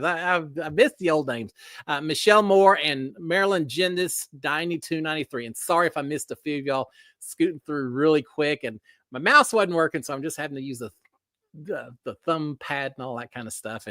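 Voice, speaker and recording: A man's voice: fairly high pitch, animated, a little fast, sharp tone, dry recording, studio quality. Folksy man hosting a livestream. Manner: folksy, greets viewers by name, many fillers. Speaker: livestream host. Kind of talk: casual livestream chat.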